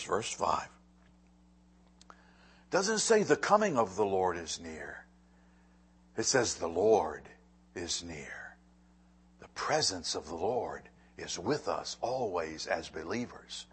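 Animated, husky-voiced middle-aged male pastor. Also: deep voice, slow pace, long pauses. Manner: animated preaching, swings from loud to hushed, repeats words. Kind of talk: sermon.

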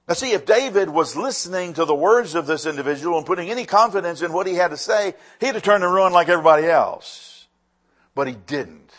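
A pastor delivering a sermon in a high, lively voice. He leans hard into emphatic lines, then drops to a hushed, intimate tone. His pitch rises and falls widely as he preaches. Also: brisk. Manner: dynamic preaching, swings from loud emphasis to hushed.

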